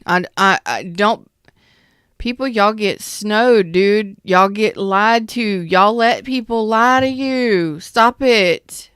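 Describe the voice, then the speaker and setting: A woman's voice: medium pitch, slow, fairly bright tone, clean tone, no room sound, studio quality. A woman tarot reader doing a live reading as a casual, blunt rant, swearing freely, calling viewers out and answering chat comments. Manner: blunt, profane, calls viewers out.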